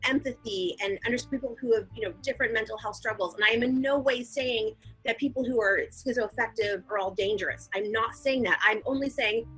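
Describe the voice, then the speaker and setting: A woman guest and victim advocate, telling her story in a frank, animated, conversational interview. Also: fairly high pitch, a little fast, few pauses, faint music behind, poor audio.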